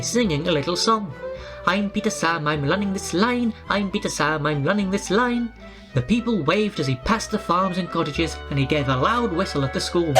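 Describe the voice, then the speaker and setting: A narrator reading a children's railway storybook aloud in a brisk, clear way. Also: mid-range voice.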